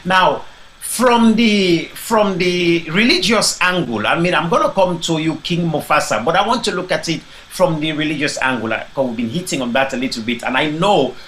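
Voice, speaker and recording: A man's voice: on the high side, expressive, moderate pace, a bit bright, a little hiss or hum. A man from Leone, hosting a live online discussion, greeting listeners by name with plenty of ums and restarts. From Sierra Leone. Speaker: host.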